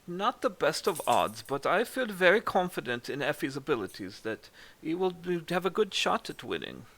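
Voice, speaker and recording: A man voicing a courtly, rich German horse owner in a tabletop game, with a clichéd put-on German accent and flattering manners. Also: mid-range voice, normal speed, voice pushed up. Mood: chatty. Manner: overly gallant, flattering.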